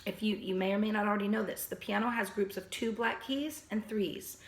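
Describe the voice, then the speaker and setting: A woman teaching a recorded piano lesson to children and their parents, patient and instructive, slightly hoarse and often clearing her throat. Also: mid-range voice, steady tone, brisk, reverberant. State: losing her voice. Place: at a piano, indoors.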